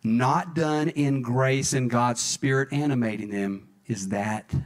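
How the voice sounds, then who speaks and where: A man preaching a sermon as pastor, earnest and drawn out, with long pauses and sudden leaps up in pitch. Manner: earnest preaching, slow pauses, dramatic swings into high pitch. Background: soft instrumental music.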